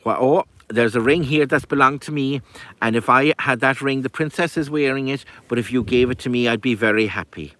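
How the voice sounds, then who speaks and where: A man's voice: medium pitch, a little fast, bright, forceful tone, no room sound, natural voice. Trickster druid in a folk tale, sly and coaxing, played by a man. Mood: wheedling. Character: scheming druid disguised as a charming man.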